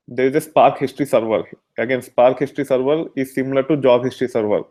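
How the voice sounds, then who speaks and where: A man's voice: medium pitch, a little mellow. A man teaching a technical class, explaining step by step with frequent fillers and restarts. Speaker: instructor. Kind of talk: technical lecture.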